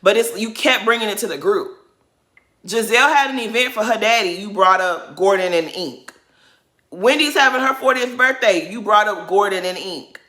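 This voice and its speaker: A woman talking close to the mic in a bright, forceful voice. She rants bluntly and sassily, breaking into laughter as she goes. It is casual reaction commentary. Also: mid-range voice, lively intonation, normal speed. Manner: blunt, sassy, laughs while ranting. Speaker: reality TV commentator.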